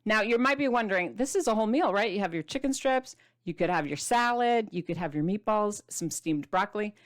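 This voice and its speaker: A woman's voice: mid-range voice, expressive, fairly quick. A middle-aged woman hosting a casual food vlog, chatty and playful, showing food to the camera with the odd dramatic whisper. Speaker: keto diet author and host.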